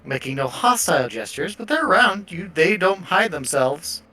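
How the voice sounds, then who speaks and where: A man narrating a tabletop game as game master, relaxed and hesitant, with frequent fillers. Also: high voice, moderate pace.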